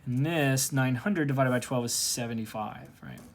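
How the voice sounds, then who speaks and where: A man teaching calculus in a relaxed, recorded lesson. He talks through each step aloud as he works the problem, keeping his voice at an ordinary middle pitch. The delivery is casual and conversational. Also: moderate pace, a little hiss or hum. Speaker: math teacher. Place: at home.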